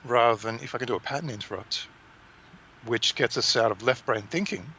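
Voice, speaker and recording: A man co-hosting a relaxed discussion, explaining ideas carefully and pausing to find his words. His voice has a bright, forceful edge. The recording sounds dull and lo-fi, with a faint hiss. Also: medium pitch. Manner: explanatory, thoughtful, with pauses. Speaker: podcast co-host. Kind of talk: casual conversation.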